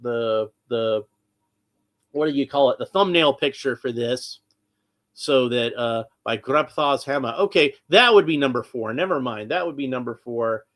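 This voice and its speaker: A man's voice: medium pitch, normal speed, fairly bright tone. A man hosting a casual toy-collecting live stream, chatty and rambling, with many restarts and tangents.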